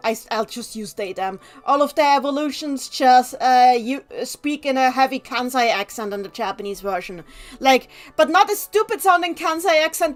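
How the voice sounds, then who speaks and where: Chatty high-voiced woman streamer. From Germany. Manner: chatty, reads chat aloud, rambling asides. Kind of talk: gameplay livestream commentary.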